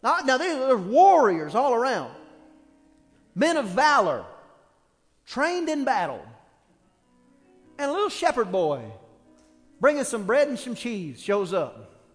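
A male pastor with a very high voice preaches in a church, acting out the voices in the stories he tells. His voice carries a long reverb tail from the hall. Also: slow, pauses often, soft background music. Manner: animated storytelling with acted quotes. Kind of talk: sermon.

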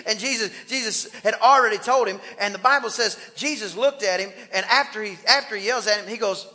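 A man's voice: high-pitched, brisk, few pauses, pushed and bright, big-room sound. A male pastor preaching a sermon, emphatic and repetitive, building to rhythmic declarations. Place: church sanctuary.

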